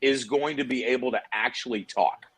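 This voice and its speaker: A middle-aged man from Texas, a guest on a video-call chat show, telling stories in a hammy, animated way and acting out what others said. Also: medium pitch, normal speed, husky. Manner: animated storyteller, hammy, acts out quotes. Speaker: guest, PDR trainer. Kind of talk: casual chat.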